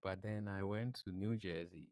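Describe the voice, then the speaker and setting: A man from Ghana hosting a podcast, asking questions in a casual, hesitant way with many pauses and restarts. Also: deep voice, steady tone, darkish tone, no room sound. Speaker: podcast host. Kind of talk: casual interview chat.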